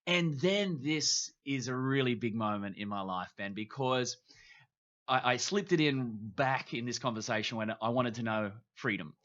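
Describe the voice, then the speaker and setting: An Australian man in his fifties, a TV presenter telling travel stories on a podcast in a lively, animated way, acting out the voices of people he quotes. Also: mid-range voice, normal speed, lo-fi sound. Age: 50s. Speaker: guest, TV presenter. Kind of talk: casual storytelling.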